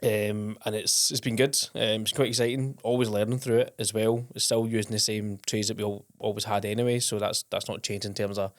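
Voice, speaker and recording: A man's voice: lowish voice, little pitch movement, brisk, few pauses, no echo, clean studio sound. A man hosting a podcast in casual, rambling chat with many restarts. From Scotland. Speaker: podcast host.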